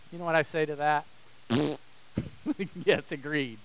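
A man preaching a sermon, swinging between loud, emphatic exhortation and quiet, intense stretches. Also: a little high, measured pace, vocal fry, pauses often, no echo, muffled recording. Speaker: pastor.

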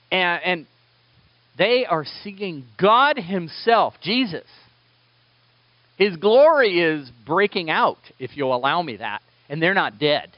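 High-voiced male pastor, lively, chatty, self-deprecating sermon, dry and slightly muffled. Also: no echo. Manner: animated, conversational, self-deprecating.

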